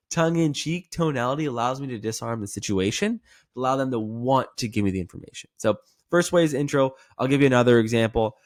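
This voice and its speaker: A man teaching insurance sales in an energetic coaching style, checking in with "okay" as he goes. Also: mid-range voice, brisk, no echo, clean studio sound. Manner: energetic, repeating "okay" often. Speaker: sales trainer. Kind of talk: coaching lesson to camera.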